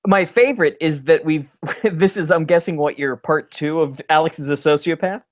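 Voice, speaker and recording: A man's voice: on the high side, normal speed. Male podcast co-host, casual and sarcastic, riffs in mock voices. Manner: joking, sarcastic, acts out lines in funny voices. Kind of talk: casual chat.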